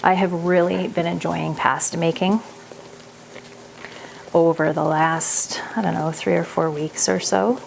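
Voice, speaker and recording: Canadian woman, chatty home-cooking vlogger, lower voice, faint background hiss. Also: flat delivery, a little slow, vocal fry. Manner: chatty, laughs easily, thinks aloud while cooking. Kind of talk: casual cooking chat. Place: home kitchen.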